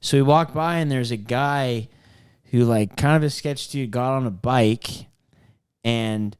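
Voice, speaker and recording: A man's voice: medium pitch, measured pace, clear, resonant tone. A man co-hosting a podcast, telling a long story in a casual, rambling way with many fillers and restarts. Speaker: podcast co-host.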